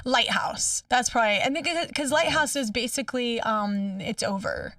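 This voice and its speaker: Bright high-voiced woman, chatty guest. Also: normal speed, dry recording, clean studio sound, recorded from a distance. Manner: chatty, laughs often, lots of fillers. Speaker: singer, interview guest. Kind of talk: casual radio interview chat.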